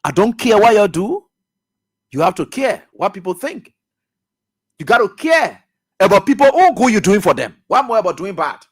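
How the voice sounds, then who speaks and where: A man hosting a radio talk show, giving impassioned political commentary that swings from loud outbursts to low muttering. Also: very animated, normal speed, breathy edge. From Liberia. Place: radio studio.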